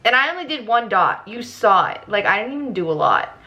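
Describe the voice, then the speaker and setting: Young woman, beauty vlogger, excitable and giggly, casual chat, slightly muffled home recording. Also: medium pitch, brisk. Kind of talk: casual makeup tutorial chat. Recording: slightly dull lo-fi audio.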